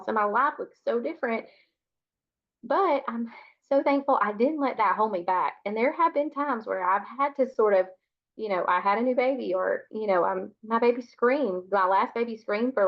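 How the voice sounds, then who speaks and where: Woman on a call, got a fever, kinda preachy and earnest, muffled audio. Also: a little high. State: has a fever. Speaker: speaker on a group call. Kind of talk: casual testimony on a video call. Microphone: video call.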